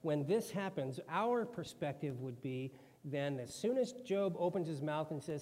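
A man's voice: fairly high pitch, lively intonation, unhurried, few pauses, a little mellow. A man preaching a sermon in a conversational way, now and then acting out quoted voices. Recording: long hall reverb.

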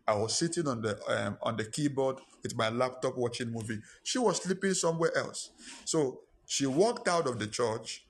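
A man's voice: mid-range voice, animated, moderate pace, husky. A man preaching a sermon, telling a personal story and repeating his lines for emphasis.

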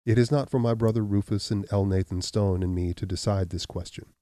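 A man voicing a stern, grave man who speaks slowly and deliberately in a story. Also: fairly low pitch, fairly even intonation, dark tone, no echo, clean studio sound, lightly acted. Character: stern, grave older man confronting a schemer.

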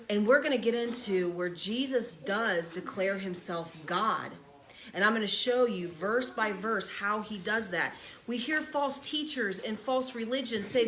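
A woman's voice: fairly high pitch, expressive, moderate pace, a bit bright. A woman teaching a verse-by-verse Bible study in an emphatic, conversational preaching manner, asking her listeners to picture the scene.

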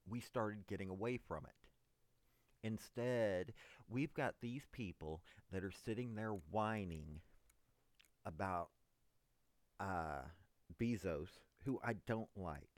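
A man delivering an unscripted political monologue, emphatic, addressing his listeners as ladies and gentlemen. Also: fairly low pitch, no echo. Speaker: political commentator.

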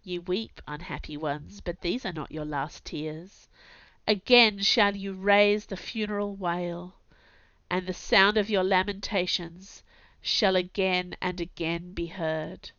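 A woman narrating a dramatic audiobook reading in an anguished, intense, theatrical way, dropping to hushed tones at times. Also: lowish voice, fairly even intonation, takes it slowly, no room sound. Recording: slightly dull, dry recording.

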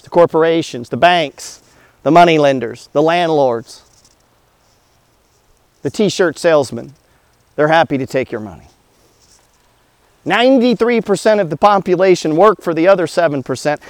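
Blunt guy preaching about money, cusses a lot, fires off questions, higher voice, dry sound. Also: no room sound. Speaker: host. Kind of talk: motivational money talk.

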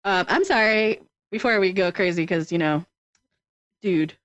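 A woman's voice: on the low side, a little slow, a bit bright, dry recording, dull audio. A woman in her forties co-hosting a podcast, gushing and laughing as she chats. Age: 40s. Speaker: podcast co-host. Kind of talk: casual fan chat.

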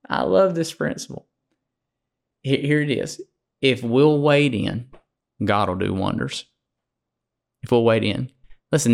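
A man's voice: fairly low pitch, creaky. A man from Alabama with a Southern accent, preaching as a podcast guest in a fervent, folksy way.

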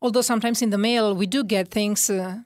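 A woman with an Italian accent, a religious sister speaking as a guest on a radio talk show about faith, reflective and measured. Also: mid-range voice, fairly even intonation, a little mellow, dry recording, clean studio sound.

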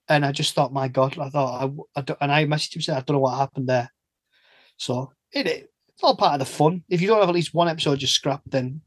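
A man's voice: on the high side, no echo. Chatty man, dry sound. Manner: chatty, laughs often, restarts sentences. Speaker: podcast host. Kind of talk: casual chat.

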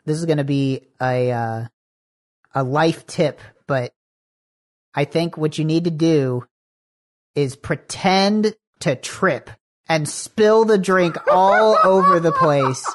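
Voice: medium pitch, takes it slowly. A podcast guest telling an absurd, exaggerated story in casual chat. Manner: joking, tells absurd exaggerated stories.

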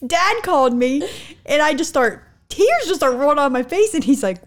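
A woman with a fairly high voice chats casually and tells lively stories. She giggles often as she talks. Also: normal speed. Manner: animated, giggly storytelling. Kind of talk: casual chat.

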